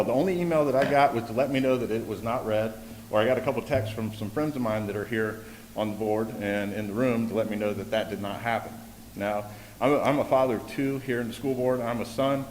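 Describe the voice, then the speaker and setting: A man's voice: mid-range voice, darkish tone. A man, a parent, giving an earnest public comment at a school board meeting, often repeating himself as he pleads his case. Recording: echoey meeting hall, faint background hiss.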